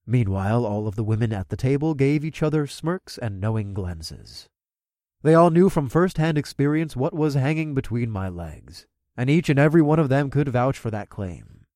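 A man narrating a first-person fantasy audiobook in an expressive reading, recorded close. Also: medium pitch, normal speed, no room sound.

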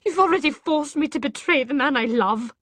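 A woman voicing a distraught, self-pitying young woman with a shrill, dramatic delivery. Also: sing-song, measured pace, dark tone, dry recording, full character voice. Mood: tearful.

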